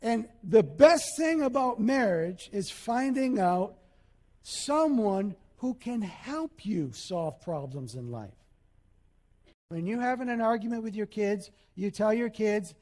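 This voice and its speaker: A male pastor preaching a sermon, animated, acting out little scenes and quotes as he goes. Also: high-pitched, slow, long reverb tail.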